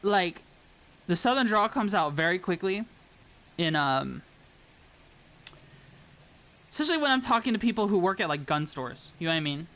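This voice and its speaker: A woman's voice: fairly low pitch, very animated, normal speed, pauses often, a bit bright. A woman from the American South chatting casually with viewers as a streamer while she builds a model. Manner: rambling, chatty, talks to viewers. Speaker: VTuber streamer.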